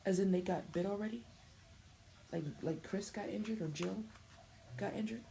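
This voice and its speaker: A young female streamer casually comments on her game live, chatting with viewers and stammering as she thinks out loud. She has a medium-pitched voice with vocal fry at a moderate pace, and background noise can be heard.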